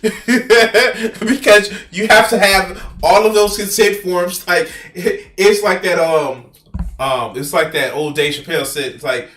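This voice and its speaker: A man's voice: high voice, takes it slowly, a bit bright. A man streaming and reacting to a video in casual, profane, incredulous commentary.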